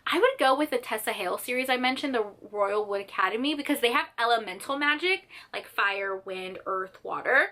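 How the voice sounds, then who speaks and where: A young woman chatting casually about her favorite books, gushing and animated, with lots of "like". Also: a little high, moderate pace. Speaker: book vlogger. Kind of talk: casual chat.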